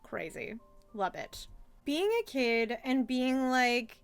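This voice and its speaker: A woman's voice: fairly high pitch, animated, very slow, gravelly, faint music behind. A young adult woman hosting a casual review of a childhood cartoon, chatty and gushing, full of filler words. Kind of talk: casual commentary.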